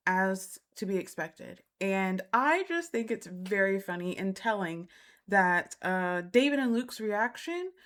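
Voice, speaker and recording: A woman hosting a casual reality TV recap, talking bluntly and repeating her points for emphasis. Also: medium pitch. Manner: blunt and exasperated. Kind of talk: casual opinionated commentary.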